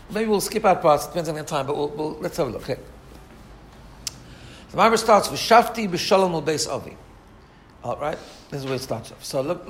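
A man's voice: a little high, a little hiss or hum. A man teaching a text study class, reading Hebrew phrases aloud and translating them line by line, often asking questions and checking in with "right?". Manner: asks rhetorical questions and adds filler checks like "right?". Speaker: Torah teacher.

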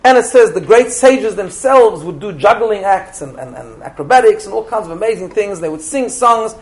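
High-voiced man telling a story in a lecture. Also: moderate pace. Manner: animated, repeats words, asks "right?".

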